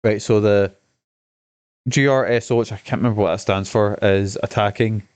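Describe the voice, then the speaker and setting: A man's voice: lowish voice, steady tone, normal speed, a little mellow, smooth, no room sound. A man with a Scottish accent chatting through a video game, rambling, swearing and mocking himself. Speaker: streamer. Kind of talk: casual gameplay commentary.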